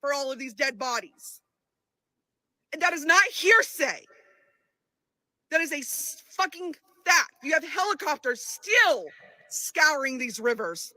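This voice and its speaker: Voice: sits high, expressive, a little slow, pauses often, sharp tone, no echo. A speaker in a played clip ranting furiously, swearing and hammering the same phrase again and again. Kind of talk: angry eyewitness rant.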